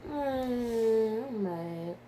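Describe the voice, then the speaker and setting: Swearing, animated grandmother vlogging. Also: on the high side, extremely slow, slight background noise. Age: older. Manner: animated, swearing, scolding herself with laughs. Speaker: YouTuber. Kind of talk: casual vlog chat. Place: at home by her computer. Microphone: phone or computer mic.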